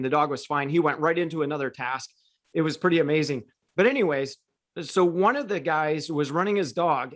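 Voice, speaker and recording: A man's voice: on the high side, fairly bright tone. A man hosting a casual talk show, telling long stories with frequent restarts and fillers. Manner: rambling with many restarts and fillers. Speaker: podcast host and dog trainer. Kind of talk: casual storytelling chat.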